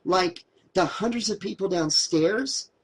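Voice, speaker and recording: A man reading an audiobook, voicing a frightened teenage girl who pleads in high, panicky valley-girl talk full of "like". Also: a little slow, slightly rough. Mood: urgent. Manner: pleading, panicky, says "like" a lot.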